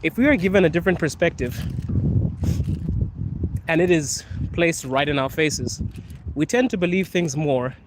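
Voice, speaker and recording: A man's voice: a little high, lively intonation, normal speed, long pauses. A man casually chatting on a live stream, answering viewer questions, laughing often and calling viewers bro. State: coughing from allergies. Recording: faint street and traffic noise.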